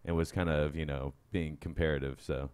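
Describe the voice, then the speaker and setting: A man's voice: a bass voice, steady tone, fairly quick, darkish tone, smooth, no room sound. A man in casual talk-show chat who answers hesitantly and often opens with "um". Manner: hesitant, starts with "um".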